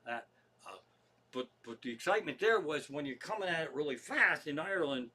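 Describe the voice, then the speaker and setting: A middle-aged man with a Pennsylvania accent tells rambling, profane comic stories from his living room. His voice sits a little high and comes across bright and forceful, full of chatty asides. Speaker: comedian hosting a livestream.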